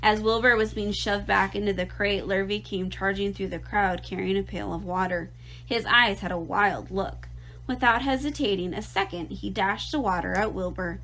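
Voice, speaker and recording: A woman's voice: mid-range voice, normal speed, rough recording. Woman reading a children's book aloud. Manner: expressive, lively read-aloud. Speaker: teacher.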